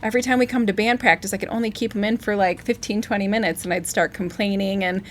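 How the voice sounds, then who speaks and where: A woman's voice: medium pitch, steady tone, fast, a little hiss or hum. A woman co-hosting a casual live stream, telling rambling stories and laughing often. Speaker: co-host, singer.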